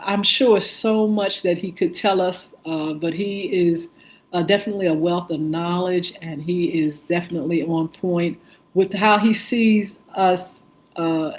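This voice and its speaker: Woman, live-stream show host, slow, lowish voice, casual chat, many fillers, friendly greetings to viewers. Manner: many filler "uh"s, reads out viewer names and spells them.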